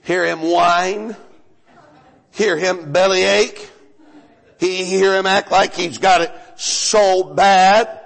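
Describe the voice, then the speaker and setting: A pastor preaching a sermon in a folksy, joking way, often stumbling and repeating himself. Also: male voice, sits high, fairly even intonation, very slow, creaky, fairly bright tone, in a large hall, poor audio.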